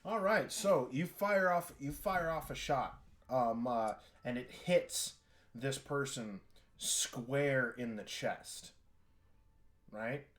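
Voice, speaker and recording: A man's voice: mid-range voice, slow pace, a bit bright. A man narrating as game master of a tabletop role-playing game, with many fillers and restarts.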